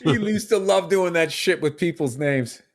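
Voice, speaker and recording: A man's voice: on the high side, moderate pace. A man co-hosting a podcast, telling stories with a lot of swearing and animation. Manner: profane, animated storytelling. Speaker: podcast co-host. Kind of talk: casual podcast chat.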